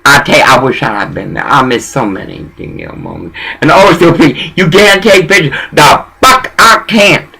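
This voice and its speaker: A man rambles through a casual, profane story, and his pitch swings widely from line to line. His voice has a gravelly fry and a raspy, husky grain. It also sounds bright and tense. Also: fast, hardly any pauses, poor audio. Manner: profane, animated storytelling that mixes in bits of Spanish.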